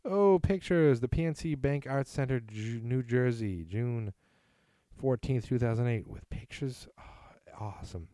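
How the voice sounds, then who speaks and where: A man's voice: medium pitch, lively intonation, a little slow, mellow, no room sound, clean studio sound. A man from New England hosting a casual solo podcast, reading listener emails aloud and rambling with self-deprecating asides. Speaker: podcast host.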